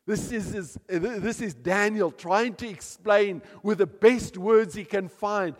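Emphatic preacher in a reverberant hall. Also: male voice, sits high, slow pace, few pauses. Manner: emphatic, rising to loud peaks then dropping soft. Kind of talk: sermon.

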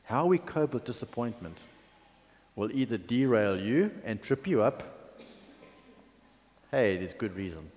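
A man's voice: fairly low pitch, sing-song, measured pace, long pauses, darkish tone. Chatty male preacher in a hall. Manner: conversational, chatty asides and fillers. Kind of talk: sermon. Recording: long hall reverb.

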